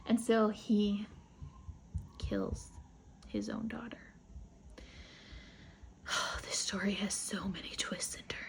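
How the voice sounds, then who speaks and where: Chatty woman with vocal fry. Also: medium pitch, takes it slowly, pauses often, whispered. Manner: chatty, rambling retelling with asides. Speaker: book club vlogger. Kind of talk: casual book recap.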